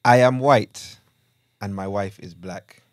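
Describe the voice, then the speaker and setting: A man reading out a letter as a white English husband seeking advice, in a put-on Ugandan accent, slow and measured. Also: lowish voice, dry recording, clean studio sound. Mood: troubled. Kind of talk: reading a listener letter aloud.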